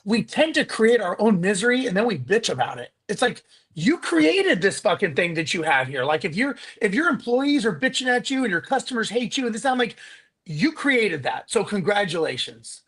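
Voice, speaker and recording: A man being interviewed as a business coach, animated and profane, rambling with lots of restarts and "like.". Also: high voice, moderate pace, breathy edge. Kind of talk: casual interview chat.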